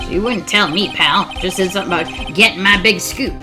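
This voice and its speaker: A woman voicing a gruff, bumbling male police detective. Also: fairly low pitch, a little fast, pitched below the performer's own voice, close to an everyday voice. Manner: gruff, drops "pal" often. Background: game music.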